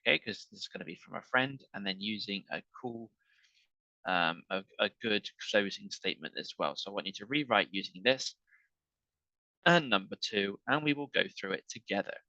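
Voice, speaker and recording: A man's voice: fairly low pitch, expressive, creaky, bright, forceful tone, no room sound, highs cut off. A man teaching an online English lesson, talking patiently and checking in with "okay" as he works through examples. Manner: slow, patient, repeats with "okay".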